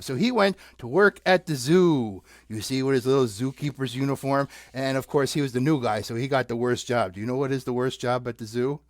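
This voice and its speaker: A puppet show host telling silly stories and singing rhymes in an animated, teasing way, recorded in a basement. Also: mid-range voice, dry recording, clean studio sound. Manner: animated, sing-song, teasing with the audience. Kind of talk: playful puppet storytelling.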